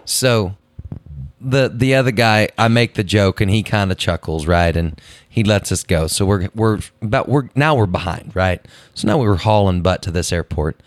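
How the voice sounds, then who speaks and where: A man on a casual podcast, telling a story in an animated way and laughing as he goes. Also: low-pitched, normal speed, no echo, clean studio sound.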